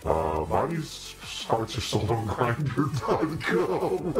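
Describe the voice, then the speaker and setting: A middle-aged man, hosting a casual live stream chat, joking and rambling and laughing often. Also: mid-range voice.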